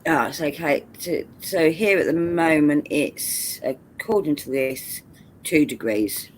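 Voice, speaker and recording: A woman's voice: low voice, slow pace, a little mellow, a little hiss or hum. A British woman in casual chat on a video call, teasing and chatty, laughing often. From Britain.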